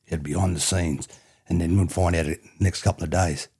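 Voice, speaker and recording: A man's voice: low voice, steady tone, fairly quick, darkish tone, breathy edge. A middle-aged Australian man, a former rugby player, talking as a podcast guest in a casual, rambling way, often tagging "you know what I mean". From country New South Wales, Australia. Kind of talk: casual reflective storytelling.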